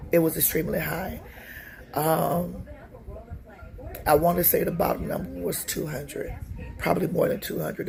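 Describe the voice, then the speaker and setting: A woman in her forties giving a personal testimony, telling her story in a halting way with many pauses and restarts. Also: low-pitched, gravelly, a little mellow.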